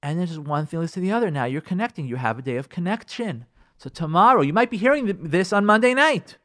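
A man's voice: high voice, animated, fast, a bit bright. A man who is a rabbi giving earnest marriage advice on a radio talk show, repeating phrases for emphasis.

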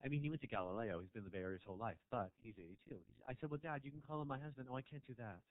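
A man doing a stand-up set in a small club, teasing the crowd, swinging between low mutters and loud shouts. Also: lively intonation, very fast, no echo. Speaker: stand-up comedian. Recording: dry, tinny phone-like sound.

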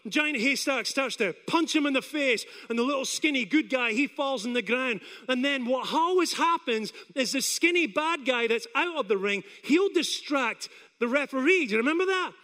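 A male preacher giving a sermon, telling stories in an animated way and acting out scenes. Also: very high-pitched, moderate pace. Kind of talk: sermon with storytelling.

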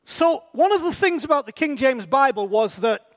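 A man with a strikingly high-pitched voice gives a sermon. He keeps it conversational and often stops to ask the congregation rhetorical questions. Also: lively intonation, moderate pace. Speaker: preacher.

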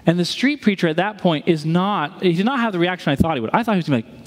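A man's voice: high voice, animated, quick pace, hardly any pauses. A male pastor preaching a sermon, telling stories animatedly and acting out the voices of people he quotes. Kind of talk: sermon with storytelling. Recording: long hall reverb.

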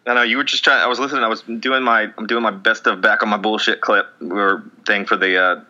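Bright-voiced man in rambling podcast chat. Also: on the low side, flat delivery, fast, muffled recording. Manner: rambling, self-mocking, quotes himself in bits. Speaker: podcast co-host. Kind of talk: casual chat.

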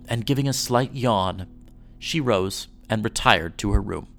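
A man hosting a podcast, reading an old newspaper story aloud in a measured storytelling way. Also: lowish voice, creaky, a bit bright, faint music behind.

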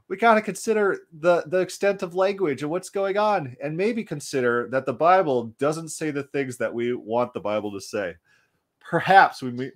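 A man hosting a casual discussion, talking in an animated way with many restarts. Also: on the high side. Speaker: podcast host.

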